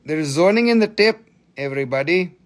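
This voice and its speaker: A man hosting a live crystal sale, chatty and excitable, with crude jokes and non-native phrasing. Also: a little high, a little fast. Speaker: live-stream crystal seller. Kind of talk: casual live sales chat.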